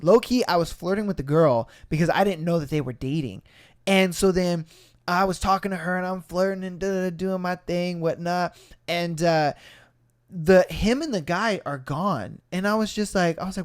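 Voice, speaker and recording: A young podcast host with a voice that sits high tells a story at a moderate pace in casual chat. He's animated, swears a lot, and acts out the voices when quoting people.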